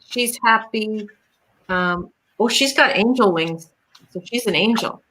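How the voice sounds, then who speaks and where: Canadian woman, mid-pitched and bright, warm upbeat tarot co-host. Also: unhurried, poor audio. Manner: upbeat, encouraging. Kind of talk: casual chat and card reading.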